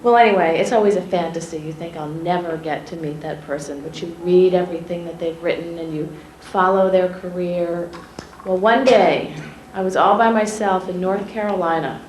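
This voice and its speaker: A woman journalist telling schoolchildren a personal story in an animated way, often asking them questions directly. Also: on the low side, moderate pace. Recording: echoey room, faint ambient noise.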